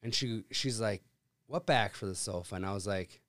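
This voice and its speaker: Smooth-voiced man telling a rambling story. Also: fairly low pitch, moderate pace, dry recording. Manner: rambling, profane, animated anecdote telling. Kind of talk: casual storytelling chat.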